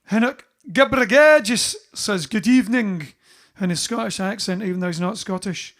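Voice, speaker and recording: This man's high, slightly bright voice moves at a moderate pace. He's a bandleader and livestream host, going through viewers' greetings individually and chattily from his home during lockdown.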